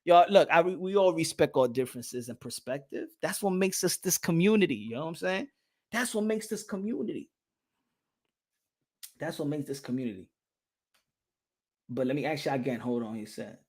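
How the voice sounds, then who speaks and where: A young man hosting a boxing channel livestream in casual chat, animated, repeating himself and laughing often, slipping into Spanish. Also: fairly high pitch, normal speed, pauses often, husky.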